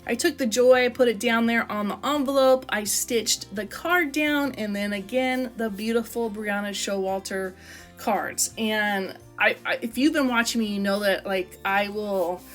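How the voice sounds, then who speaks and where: A woman's voice: mid-range voice, unhurried, faint music behind. A woman vlogger chatting enthusiastically as she flips through her craft book and shows how she puts pages together. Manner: chatty and enthusiastic, lots of "I love" and "like". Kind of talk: casual craft flip-through chat.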